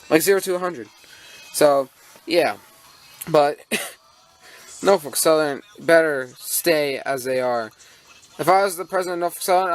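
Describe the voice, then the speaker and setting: High-voiced American guy ranting. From United States. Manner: rambling, indignant, many fillers and restarts. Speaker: model railroad vlogger. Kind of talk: casual ranting vlog. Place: home model railroad layout room. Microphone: handheld camera mic.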